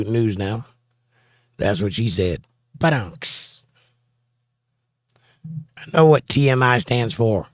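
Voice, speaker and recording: A man's voice: mid-range voice, no room sound, studio quality. Wisecracking man reading chat. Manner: reads chat messages aloud, wisecracking. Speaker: livestream host reading viewer chat. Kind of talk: casual livestream chat.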